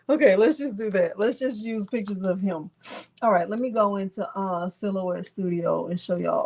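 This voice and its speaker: A woman's voice: medium pitch, normal speed, vocal fry, a little mellow. A woman hosting a live craft tutorial, talking in a chatty, rambling way with lots of fillers and restarts. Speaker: crafting host.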